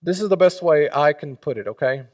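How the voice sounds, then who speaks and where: A man preaching a sermon as pastor, emphatic, swinging between loud and hushed and leading the congregation in call and response. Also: on the high side, lively intonation, a little fast.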